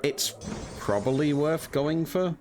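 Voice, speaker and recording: A man's voice: on the high side, lively intonation, takes it slowly. A young man giving casual, rambling gameplay commentary, with frequent ums and uhs. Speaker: speedrunner streamer. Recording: voice over game music.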